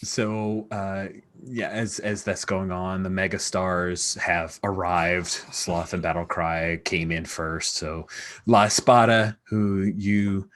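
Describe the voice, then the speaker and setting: A man's voice: sits low, slow pace. A man narrating as game master in a tabletop role-playing game, chatty and loose, with plenty of fillers. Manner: relaxed, chatty, many fillers.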